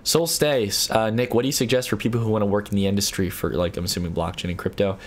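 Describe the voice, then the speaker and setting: Reading viewer chat out loud on his late-night livestream, a young man answers casually and keeps restarting. His lowish voice moves quickly with fairly even intonation, and slight background noise can be heard.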